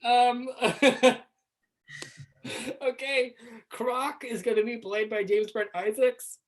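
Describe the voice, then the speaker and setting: A woman running a tabletop game as game master, laughing often and reacting with quick asides. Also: on the high side, level tone, poor audio.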